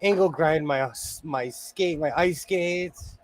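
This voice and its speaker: A man with a fairly high speaking voice hosts a loose, casual chat. He rambles from story to story and keeps cracking jokes. He sounds at ease, talking from his sewing room at home. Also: takes it slowly. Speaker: host.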